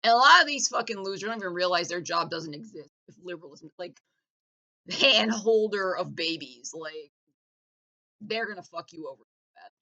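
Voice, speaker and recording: A woman's voice: lowish voice, lively intonation, moderate pace, gravelly, pushed and bright, highs cut off. A woman ranting in a vlog, sarcastic and mocking, swearing freely. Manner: sarcastic, mocking, profane, heated. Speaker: vlogger. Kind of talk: profane political rant.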